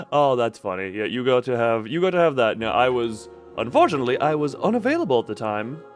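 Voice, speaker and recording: Lively young man chatting on stream. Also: medium pitch, a little fast, faint music behind. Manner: rambling, jokey, trips over words and restarts. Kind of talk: casual live-stream chat while gaming.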